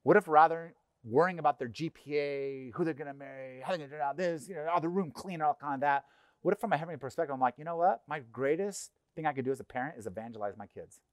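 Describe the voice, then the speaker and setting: A middle-aged man preaching a sermon in a conversational, animated way, acting out little voices. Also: on the high side, quick pace, dry recording, clean studio sound. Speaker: pastor. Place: church.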